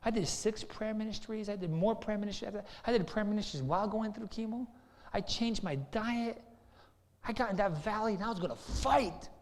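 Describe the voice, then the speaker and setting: A man's voice: sits high, normal speed. A man preaching a sermon in a conversational, storytelling way, often checking in with the listeners. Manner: conversational, storytelling, frequent "right?". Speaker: pastor. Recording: long hall reverb.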